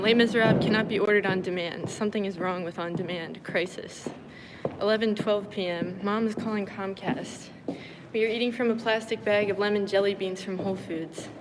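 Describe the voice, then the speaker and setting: A woman on a live stream, reading her diary entries aloud in a flat, deadpan way with casual asides. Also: medium pitch, noisy background. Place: moving between venues and a car.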